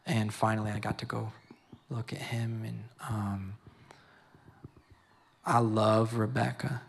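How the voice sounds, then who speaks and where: A young man giving an emotional personal testimony at a youth service. He talks in halting bursts, repeats words and slips into preaching. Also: fairly low pitch, level tone, creaky, breathy edge.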